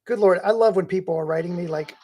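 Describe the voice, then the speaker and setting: A man's voice: sits high, fast talker, background noise. A middle-aged man chatting casually and rambling while he plays a game on a live stream, laughing often and hiccuping.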